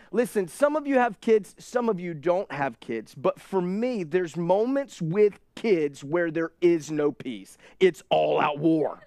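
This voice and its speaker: A man in his thirties preaching a sermon, telling a family story with lively acted-out shrieks. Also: high-pitched, no echo. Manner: animated storyteller, acts out his kids' shrieks. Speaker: pastor.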